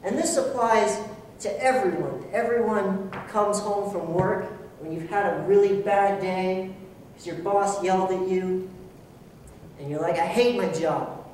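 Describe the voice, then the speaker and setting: A man speaks unhurriedly in a high voice with a darkish tone, giving a club audience an earnest motivational talk that mocks himself and dramatizes his inner voice. The sound is echoey and distant, with a little hiss or hum.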